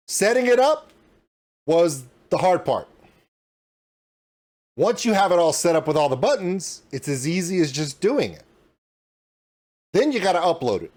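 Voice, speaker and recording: Host type: man at his home streaming desk, animated and demonstrative, pitch jumping all over. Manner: animated and demonstrative, pointing things out. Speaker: reaction channel host. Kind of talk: casual tutorial walkthrough.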